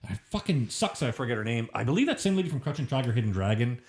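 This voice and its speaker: A man's voice: mid-range voice, sing-song, rapid-fire, a little mellow, reverberant. A man co-hosting a podcast, chatting casually in a crude, sarcastic, joking way. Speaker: podcast co-host. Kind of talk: casual chat. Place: shared room with co-host.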